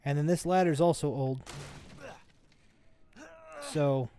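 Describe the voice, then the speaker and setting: A man who is an adult parent speaks slowly in a fairly high, warm voice with fairly even intonation as he hosts a let's play. He casually comments on the video game he plays, rambling, chatting, and often correcting himself mid-sentence.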